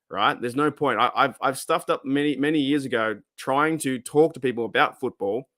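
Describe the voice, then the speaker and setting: Recorded with clean studio sound and no echo, this middle-aged Australian podcast host speaks at a medium pitch with a fairly bright tone. He's hosting a live show and telling a long, meandering tale full of slang, false starts and laughter.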